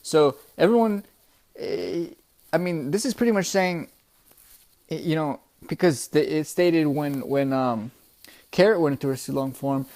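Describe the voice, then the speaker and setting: A young man recapping a comic chapter in a casual, excitable, profane way, often calling his listeners "bro". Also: on the high side. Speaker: manga chapter reviewer.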